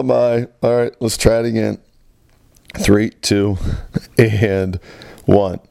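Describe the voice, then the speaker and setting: A man's voice: on the low side, flat delivery, slow pace, gravelly, pauses often, mellow, no room sound. A man, a coach, recording himself as he tries to recite a nursery rhyme and keeps breaking into giggles.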